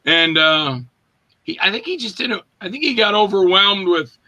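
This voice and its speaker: A man's voice: high-pitched, normal speed. A man in his fifties, an actor telling stories in a casual interview and acting out quotes in different voices. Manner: animated, acts out quotes in voices.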